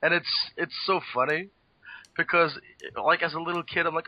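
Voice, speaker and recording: Man, podcast co-host, rambling casual storytelling, fillers, muffled low-fi audio. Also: brisk, breathy edge, no echo. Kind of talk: casual chat. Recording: dull lo-fi podcast audio with faint music.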